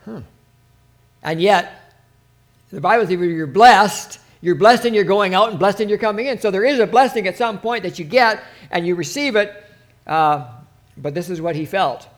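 Man, high voice, earnest preacher, halting asides, fervent scripture reading. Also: animated. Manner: reads scripture with rising fervor. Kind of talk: informal sermon with scripture reading.

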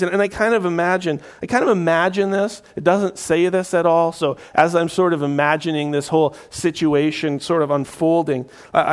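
Repetitive man preaching a sermon. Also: fairly high pitch. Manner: repeats words, acts out crowd voices. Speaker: pastor.

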